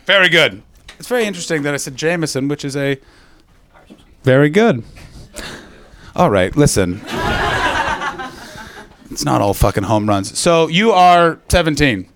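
A man's voice: on the high side, expressive, unhurried, pauses often, a bit bright, a little hiss or hum. A man from Canada, doing live stand-up and teasing the audience with brash, profane banter. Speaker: stand-up comedian. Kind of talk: live stand-up with crowd work.

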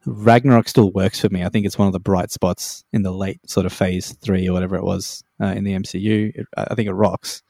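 Low, mellow-voiced man in laid-back chat. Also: steady tone, a little fast, vocal fry, few pauses, no echo, clean studio sound. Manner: laid-back, opinionated film talk with fillers. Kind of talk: casual chat.

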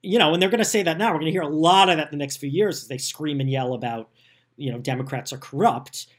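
A man's voice: fairly high pitch, fast, fairly bright tone. A man hosting a podcast, talking in a casual, sarcastic and self-deprecating way about politics. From United States. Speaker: podcast host.

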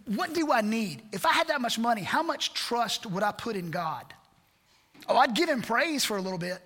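A man's voice: very high-pitched, expressive, normal speed, a bit bright. A man pastor preaching a sermon, earnest and repetitive, asking rhetorical questions. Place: church sanctuary. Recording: church hall reverb.

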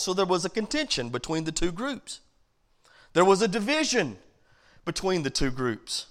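A man, a pastor, teaching a Bible study in a conversational preaching style that rises loud and drops soft. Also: high voice, very animated, normal speed. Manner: conversational preaching with big swings in loudness. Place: church.

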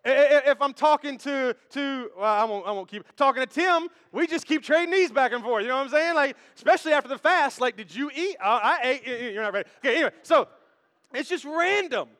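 A man preaching from a church stage with a very high, bright voice. He keeps it playful and conversational, joking with the congregation. The sound rings out with the long reverb of a big hall. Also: brisk. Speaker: pastor. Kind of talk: sermon.

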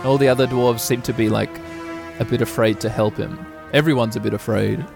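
A man giving rambling, excitable live reaction commentary with lots of fillers. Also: medium pitch, brisk, gravelly. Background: opera music.

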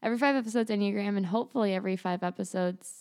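A woman's voice: medium pitch, very fast, a little mellow. A woman co-hosting a podcast in casual chat, rambling and full of filler words. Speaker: podcast co-host.

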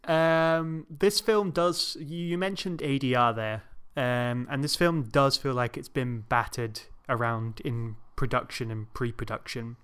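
Bright, clear-voiced male film podcaster. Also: mid-range voice, fairly even intonation. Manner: measured, hedging with ums. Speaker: podcast co-host. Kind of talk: casual film discussion.

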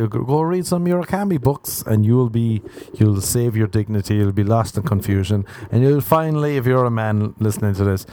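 A man's voice: fairly low pitch, mellow. Crude rambling podcast man. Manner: crude, rambling, self-mocking, laughs at own jokes. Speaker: podcast host. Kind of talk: solo comedic podcast rant.

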